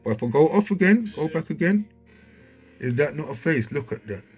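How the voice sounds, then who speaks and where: A man commenting casually over a video he plays, growing excited and checking in with the listener as he points things out. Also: on the high side, brisk, soft background music. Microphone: handheld mic.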